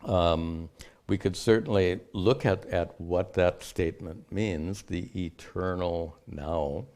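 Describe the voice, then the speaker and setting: A man, a spiritual teacher, answering questions in a measured, explanatory way. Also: low voice, darkish tone. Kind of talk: unscripted teaching talk.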